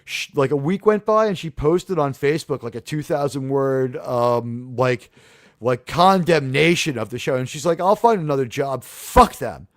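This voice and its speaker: A man hosting a casual livestream review chat, animated and profane, acting out the lines he quotes. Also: medium pitch, moderate pace, dry recording, studio quality. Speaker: host.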